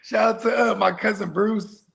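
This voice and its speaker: A man co-hosting a casual podcast, loud and laughing, who breaks into high shouted catchphrases. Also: fairly even intonation, moderate pace, gravelly. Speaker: co-host.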